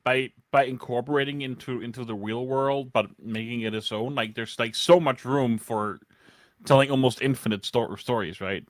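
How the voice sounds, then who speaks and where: A man on a casual fan podcast, talking haltingly and repeating words as he thinks. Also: mid-range voice, no echo. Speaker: podcast co-host.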